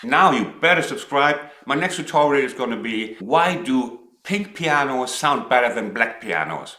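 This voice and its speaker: A man teaching a piano lesson in a playful way, counting rhythms out loud and joking. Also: mid-range voice, sing-song, normal speed. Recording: loud piano playing under the voice.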